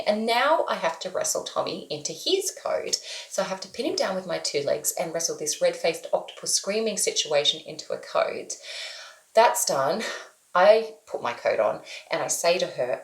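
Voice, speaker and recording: A woman in her thirties tells a comic story about life as a mother, animated and exasperated. Her pitch swoops widely. The sound has a roomy echo. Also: moderate pace. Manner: animated, exasperated, acts out family members. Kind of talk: comic true-story monologue.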